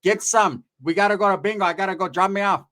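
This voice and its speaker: A man's voice: high voice, fast, voice pushed up. A man voicing a bossy, foul-mouthed middle-aged aunt who nags and makes demands. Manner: loud, nagging, demanding.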